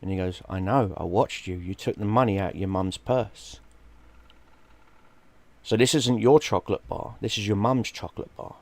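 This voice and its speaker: A middle-aged man tells a story in a fairly low voice. He swears freely and acts out the people in it. The sound is dry and close. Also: moderate pace, no echo. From London, England. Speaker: streamer. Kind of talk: casual storytelling.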